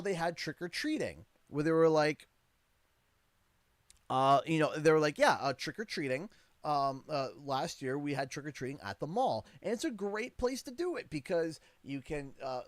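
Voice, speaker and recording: A man's voice: on the high side, no room sound. A Canadian man in his thirties, a father and streamer, telling a story in a casual livestream, rambling with many restarts and growing exasperated.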